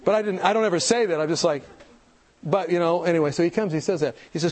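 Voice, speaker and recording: A man giving an animated church seminar talk, telling stories, acting out the people in them and asking the audience questions. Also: on the high side, quick pace. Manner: animated storytelling, acts out quoted people. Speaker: health speaker.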